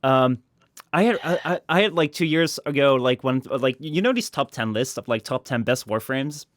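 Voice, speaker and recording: A man chatting casually as a podcast guest, rambling with many fillers and restarts and slipping into high mock voices. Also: lively intonation, moderate pace, no echo, clean studio sound.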